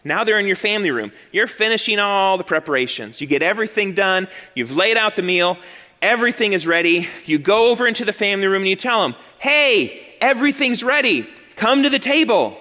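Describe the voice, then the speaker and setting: High, bright pastor preaching. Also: male voice, brisk. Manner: animated, acts out excuses in quoted voices. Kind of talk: sermon. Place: church sanctuary. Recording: long hall reverb.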